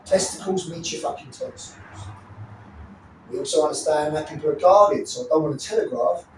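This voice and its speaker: Blunt combat instructor, echoey room. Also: male voice, a little high, lively intonation, fairly quick, a little mellow, recorded from a distance, a little hiss or hum. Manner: blunt, profane, checks in with "right?". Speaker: self-defense instructor. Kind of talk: demonstration teaching. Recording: echoey room, off mic, faint ambience.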